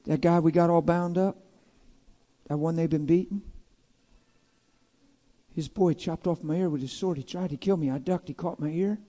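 A man voicing a hushed, awestruck servant. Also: a little high, fairly even intonation, moderate pace, long pauses, lightly acted. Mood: hushed awe. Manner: hushed, earnest storytelling. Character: awestruck ancient male servant, ear just healed.

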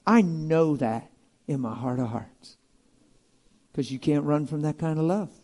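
Brief: male preacher, high voice, animated and emphatic, loud then hushed. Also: unhurried. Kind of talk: sermon.

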